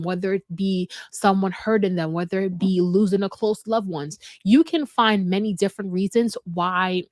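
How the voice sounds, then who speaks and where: A woman's voice: on the low side, dry recording, clean studio sound. A woman hosting a casual commentary show, giving her opinions in a chatty way with lots of fillers. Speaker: host.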